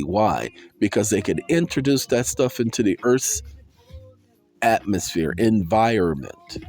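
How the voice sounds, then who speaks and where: With soul music in the background, this male vlogger chats casually and energetically to his audience, addressing them directly and drifting into little sing-song phrases. His pitch is medium.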